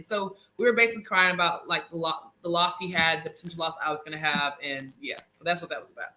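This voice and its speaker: Bright-voiced woman telling a dramatic story. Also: fairly low pitch, quick pace, hardly any pauses. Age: 30s. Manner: animated, dramatic, addresses audience as y'all. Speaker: reality show cast member, guest; nurse. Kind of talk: casual interview storytelling.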